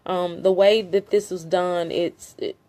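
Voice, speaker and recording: A woman's voice: fairly low pitch, fairly even intonation, a little slow, mellow. A middle-aged woman making an impassioned, earnest appeal straight to her viewers, emphatic and repetitive with frequent fillers. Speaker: family member speaking out on a land dispute. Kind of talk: impassioned direct-to-camera appeal.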